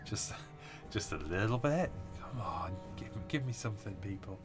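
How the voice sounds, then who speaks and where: A man's voice: lowish voice, expressive, moderate pace, over music. Chatty man reading out live chat. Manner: chatty, laughs often, reads viewer comments aloud. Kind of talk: casual live-stream chat.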